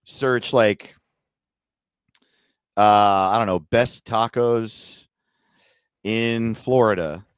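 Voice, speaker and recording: A man's voice: medium pitch, very slow, pauses often, clean tone, no room sound, clean studio sound. A man in casual comedic podcast chat, joking and slipping into silly voices. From Chicago area. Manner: joking, does silly put-on voices, laughs often.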